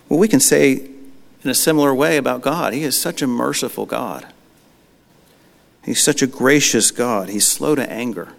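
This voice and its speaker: A man's voice: mid-range voice, moderate pace, creaky, in a large hall. A man preaching a conversational, reflective sermon, often asking rhetorical questions. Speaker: pastor. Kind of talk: sermon teaching.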